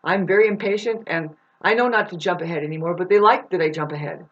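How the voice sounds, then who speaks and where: A woman talking straight to camera in a rambling, profane monologue, restless and jumping between thoughts with sudden loud outbursts. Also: lowish voice, fast, muffled recording. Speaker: vlogger. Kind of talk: rambling stream-of-consciousness monologue.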